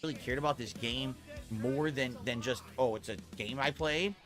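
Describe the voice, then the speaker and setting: A man's voice: medium pitch, normal speed, fairly bright tone, soft background music. Complaining male game streamer. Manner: rambling, complaining, exasperated. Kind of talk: casual gameplay commentary.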